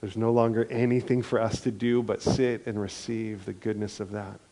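A middle-aged male pastor preaching a sermon and leading a responsive reading in a slow, soft, unhurried way. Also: lowish voice, little pitch movement, gravelly.

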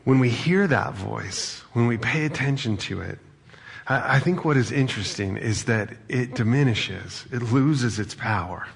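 A man's voice: medium pitch, animated, measured pace, creaky. A man preaching a sermon as a pastor, talking in a conversational way and asking the audience questions.

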